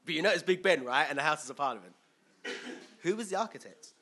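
Bright-voiced preacher. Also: male voice, on the high side, animated, quick pace, breathy edge. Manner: chatty, asks the crowd questions, chuckles often. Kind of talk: conversational sermon with questions to the congregation.

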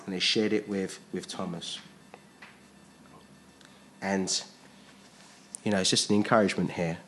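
A man's voice: low voice, steady tone, a little slow, a bit bright, a little hiss or hum. A man preaching a sermon. He is emphatic, repeats his phrases and asks his listeners rhetorical questions.

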